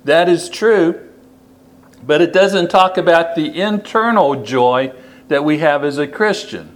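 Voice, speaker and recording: Male preacher, fairly high voice, slow deliberate delivery, sermon, repeats key phrases. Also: animated.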